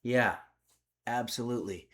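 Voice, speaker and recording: A man's voice: medium pitch, unhurried, fairly bright tone. Chatty man reading stream chat aloud. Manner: reads chat messages aloud, chatty and wry. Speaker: streamer and cooking host. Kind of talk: casual livestream chat. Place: home.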